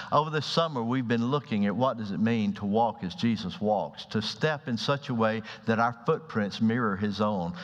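A man preaching a sermon in a church, dramatic in delivery and acting out the voices in his stories. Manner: dramatic, acts out quoted voices with rising pitch. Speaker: pastor. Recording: lo-fi recording with long hall reverb.

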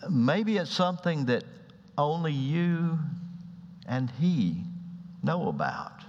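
A male pastor with a somewhat higher voice preaches a dramatic sermon, playing out scenes as he tells them. The recording is dull and lo-fi, and long reverb from a large church hall trails behind each phrase. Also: very animated, slow pace, a little mellow, slight background noise. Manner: dramatic, acts out quoted voices with rising pitch.

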